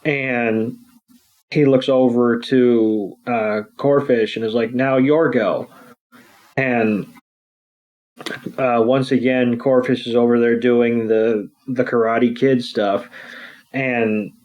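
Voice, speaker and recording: A man's voice: medium pitch, fairly even intonation, takes it slowly, muffled recording. A man co-hosting a podcast, casually recapping a cartoon episode with crude jokes. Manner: laid-back, crude joking. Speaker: podcast co-host.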